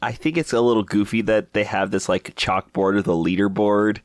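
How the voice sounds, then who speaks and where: A man co-hosting a comic book podcast in casual chat, relaxed and agreeable, with short reactions. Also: fairly low pitch, normal speed, no echo, clean studio sound. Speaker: podcast co-host.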